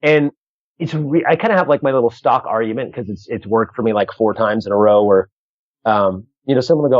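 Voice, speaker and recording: A man's voice: mid-range voice, a little fast, dry recording. A man, a comedian, telling a story on a podcast over a video call, rambling with many restarts and acting out both sides of an exchange. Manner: rambling, animated, restarts often, acts out quoted exchanges. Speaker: comedian guest. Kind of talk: casual podcast interview storytelling. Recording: dull lo-fi video call audio.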